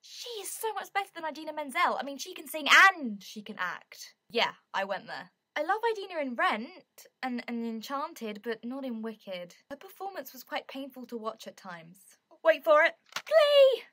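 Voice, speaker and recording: Young British woman vlogger, excitable and effusive, bright voice on the high side. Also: normal speed, hardly any pauses, breathy edge. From Britain. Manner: excitable, gushing, bursts into song. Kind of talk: casual chat to camera.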